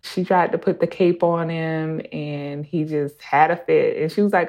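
Low-voiced mother telling her story. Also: fairly even intonation, a little slow, hardly any pauses, a little mellow. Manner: casual, conversational, laughs while telling. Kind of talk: recorded personal story.

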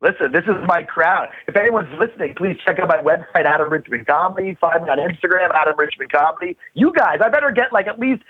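Canadian comic guest on the phone, husky, slightly high, dry line. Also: male voice, fast, hardly any pauses, no room sound, narrow, tinny audio, faint music behind. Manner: joking, bawdy, animated. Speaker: comedian caller. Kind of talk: casual call-in chat. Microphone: phone call.

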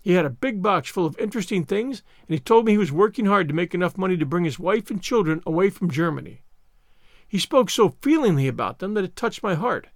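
A theatrical young orphan girl pours out her woes in long, earnest, self-pitying speeches, as a man reads her aloud. The voice sits high and moves a lot. The sound is close and dry. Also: animated, fairly quick, no room sound.

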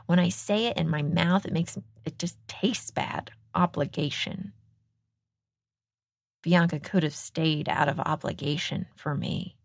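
Gravelly-voiced woman podcast host from Texas. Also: low-pitched, dry recording, clean studio sound. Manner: chatty, self-deprecating, laughs often. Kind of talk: casual podcast monologue.

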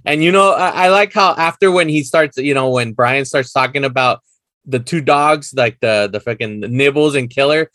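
A man co-hosting a podcast in casual chat, animated and laughing often as he acts out scenes. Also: mid-range voice, moderate pace, dry recording, studio quality. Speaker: podcast co-host. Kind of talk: casual chat recapping a show.

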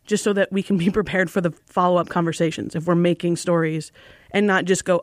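Brief: female co-host, earnest and measured, dry close sound. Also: on the low side, little pitch movement, no room sound. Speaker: podcast co-host. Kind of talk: casual chat.

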